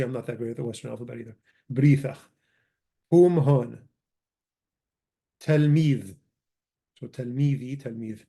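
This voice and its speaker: Guy teaching a language class, warm mellow voice, keeps correcting himself. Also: medium pitch, vocal fry, slightly rough. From Chaldean community. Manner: explains patiently, corrects himself often. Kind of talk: casual grammar lesson.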